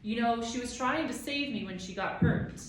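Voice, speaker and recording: A woman's voice: a little high, normal speed, far from the mic, slight background noise, pitched above the performer's own voice, lightly acted. A woman voicing a young boy who talks back angrily and defiantly, in an echoey room away from the mic. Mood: anxious. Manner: angry and defiant. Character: fierce, protective young boy.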